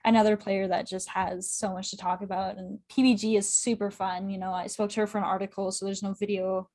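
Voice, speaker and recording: A young woman talking as a podcast guest, at a mid pitch for a woman. She rambles eagerly in casual interview chat, peppering her talk with "like" and breaking into laughter. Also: level tone, mellow. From Canada. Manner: chatty, quick, laughs often, heavy use of "like". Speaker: podcast guest, club correspondent.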